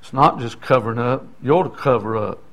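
A man's voice: mid-range voice, a little fast, fairly bright tone. An older man preaching a sermon in a folksy, conversational way, often asking the congregation "Amen?". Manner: folksy, conversational preaching with call-and-response asides.

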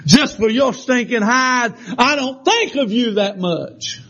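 Preacher man, high voice, fiery call-and-response delivery, in a church on a dull lo-fi recording. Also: lively intonation, slow pace, fairly bright tone, husky. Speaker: pastor. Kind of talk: sermon. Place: church sanctuary.

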